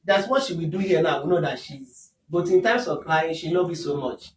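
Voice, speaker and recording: A man's voice: fairly high pitch, normal speed. A man, a husband in a dispute, insistent and laughing, repeating himself. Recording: roomy, distant, noisy background.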